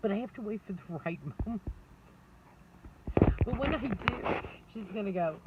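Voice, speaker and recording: Chuckling woman, animated lo-fi vlog. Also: mid-range voice, moderate pace. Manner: rambling, laughs often, self-mocking. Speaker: vlogger. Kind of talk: candid personal monologue. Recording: distant, dull lo-fi mic with faint noise.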